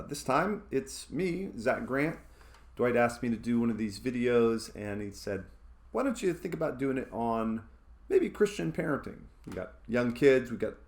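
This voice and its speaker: A man in his thirties, a church staff member, talking casually to camera and telling a self-mocking story, rambling with fillers. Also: mid-range voice.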